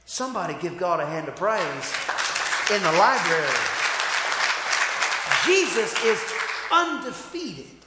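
A man preaching a sermon as pastor, leading call-and-response and swinging from shouted peaks to quiet asides. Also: high voice, big pitch swings, takes it slowly, pauses often, a loud crowd, heavy background noise. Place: church sanctuary. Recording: echoey church hall.

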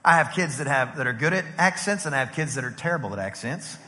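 A middle-aged man preaching a sermon as pastor, lively and conversational, acting out quotes as he goes. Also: mid-range voice, quick pace. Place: church sanctuary. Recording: long hall reverb from a church.

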